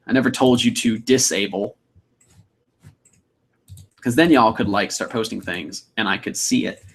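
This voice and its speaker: A man's voice: on the low side, a little slow, long pauses, slightly rough. A young man, chatting casually on a livestream, reading out viewer comments in an upbeat, rambling way. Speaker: livestream host.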